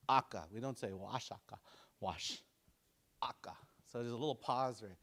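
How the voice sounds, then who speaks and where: This mid-range male voice belongs to a relaxed language teacher who enunciates words slowly and repeats them for learners.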